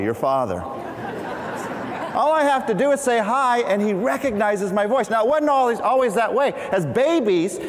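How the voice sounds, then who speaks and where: A middle-aged man preaching a conversational sermon, leading his congregation through Bible verses. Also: high-pitched. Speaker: pastor. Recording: long hall reverb.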